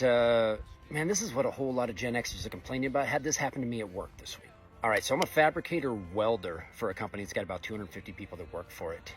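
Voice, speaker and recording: A man's voice: mid-range voice, fairly bright tone. A middle-aged man, a welder, giving a blunt, exasperated opinion monologue in casual speech. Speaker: fabricator welder.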